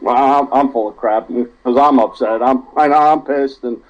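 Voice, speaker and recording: A man's voice: medium pitch, steady tone, moderate pace. Profane ranting man, muffled. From South Jersey, USA. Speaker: regular caller. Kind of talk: casual podcast chat.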